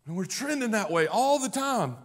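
A male pastor preaching a sermon, swinging from loud emphatic declarations to hushed, low passages. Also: very animated, normal speed.

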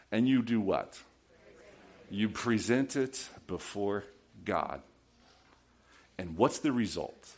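A male pastor preaching a sermon in a church, asking the congregation questions and swinging from quiet prayerful passages to loud shouts. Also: a little high. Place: church sanctuary.

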